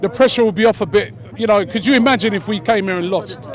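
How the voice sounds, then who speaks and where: A young man chatting excitedly as a fan after a match, repeating himself with lots of fillers. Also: sits high, fast. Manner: animated, repeats phrases, many fillers. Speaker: interviewed fan. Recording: crowd noise outdoors.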